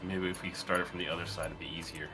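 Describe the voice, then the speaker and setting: A man coordinating with teammates during a co-op game, asking quick questions in casual chat. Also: low voice, little pitch movement, over music.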